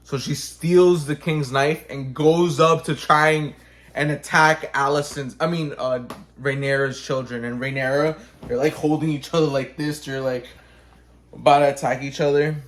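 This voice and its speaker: A man in casual chat, telling a story in a loose, profane way full of "like", acting out characters in quick bursts. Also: on the high side, fairly even intonation. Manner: acts out characters with quick voice changes.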